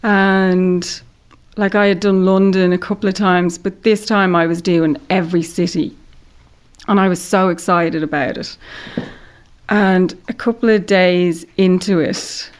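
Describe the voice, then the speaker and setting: A woman and former model, a guest on a podcast, telling a story in a relaxed, chatty way with lots of "like" and "you know". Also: lowish voice, measured pace, clean tone. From Ireland. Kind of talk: casual interview storytelling.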